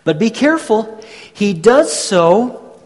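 A man preaching a sermon, teaching slowly and deliberately with emphatic pauses. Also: high voice, big pitch swings. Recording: long hall reverb.

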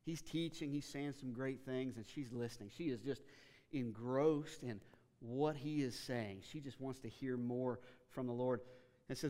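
A man preaching a sermon as a pastor, telling the story in a casual, animated way with frequent restarts. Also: medium pitch, moderate pace, big-room sound.

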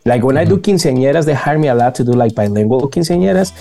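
A man's voice: medium pitch, lively intonation, fast, creaky, warm tone, soft background music. A man from Bolivia, a native Spanish speaker with a Bolivian Spanish accent, chatting casually and animatedly on a podcast, full of slang and acted-out quotes. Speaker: podcast co-host and event host. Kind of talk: casual chat.

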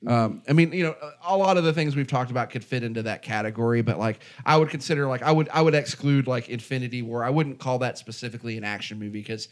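A man in a casual film chat, conversational and animated when making a point. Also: medium pitch, quick pace, hardly any pauses.

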